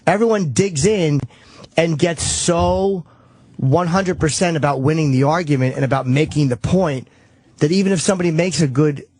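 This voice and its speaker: A man's voice: on the high side, moderate pace, a little mellow, breathy edge, no room sound. A man hosting a radio show, talking casually and profanely, often restarting his sentences. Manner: rambling, self-correcting, profane. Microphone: studio microphone.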